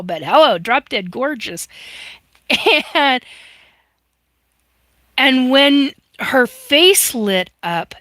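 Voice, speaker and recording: Slow, bright-voiced woman host. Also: fairly high pitch, dry recording. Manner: earnest, emphatic storytelling with frequent restarts; occasional mild swearing. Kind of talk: casual live-stream chat.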